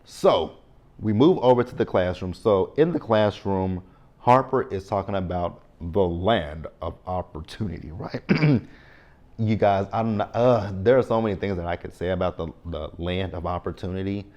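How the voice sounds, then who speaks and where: A man in his thirties hosting a casual TV recap, chatty and animated, often tossing in "right?" asides. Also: low-pitched, normal speed. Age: 30s. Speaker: recap channel host.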